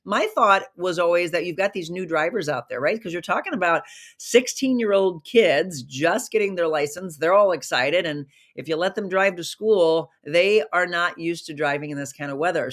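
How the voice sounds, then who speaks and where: A middle-aged woman hosting a live online talk show, chatty and upbeat, greeting viewers by name and reading their comments, her voice a little hoarse from a recent virus. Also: on the low side, normal speed.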